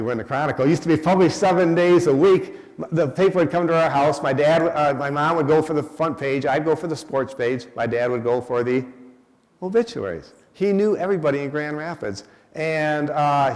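A man tells stories to an audience and throws them questions. His voice sits a little high for a man, and a long reverb trails after his words in the hall. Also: a little mellow. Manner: conversational, quizzes the audience. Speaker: guest speaker, hospice educator. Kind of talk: storytelling talk to an audience.

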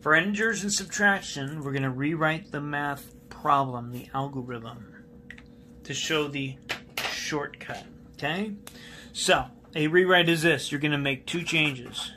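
Patient, bright-voiced man teaching math. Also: fairly high pitch, measured pace, slight background noise. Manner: patient, repeats key steps, asks students questions. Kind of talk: recorded classroom math lesson.

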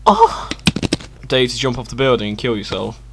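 Excitable young gamer guy. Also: medium pitch, a little fast, gravelly, husky. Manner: excitable, laughing, yelling at his teammate. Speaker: gaming channel host. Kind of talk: casual co-op gameplay commentary.

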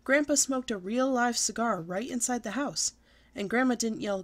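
A woman storyteller reading a children's book aloud with expressive, lively delivery. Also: a little high, normal speed.

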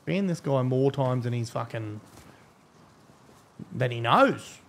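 A man's voice: mid-range voice, lively intonation, slow, fairly bright tone, slight background noise. A young man streaming a game, chatting casually, swearing often, blunt and grumbling between laughs. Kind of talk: casual live-stream chat while gaming.

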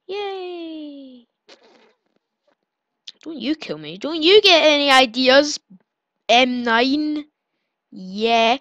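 Brief: woman channel host, playful game commentary, high voice, very unhurried delivery. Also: lively intonation, a bit bright, no room sound. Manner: playful, pleading and gloating in turns. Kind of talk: gameplay commentary.

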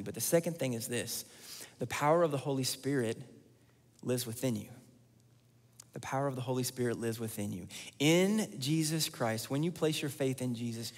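A man preaching a sermon as pastor, earnest and repeating key lines for emphasis. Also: mid-range voice. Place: church sanctuary. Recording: long church hall reverb.

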